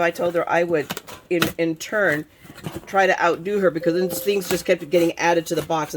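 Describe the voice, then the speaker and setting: A woman crafting vlogger chatting excitedly to viewers about the mail she got, bubbly and gushing. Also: fairly low pitch, a little hiss or hum. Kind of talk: excited casual happy-mail chat.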